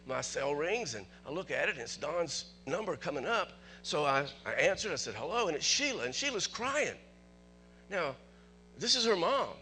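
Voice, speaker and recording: A man pastor telling a personal story in a sermon in church, chatty at first and rising to excited preaching. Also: on the high side. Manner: conversational, builds to excited preaching.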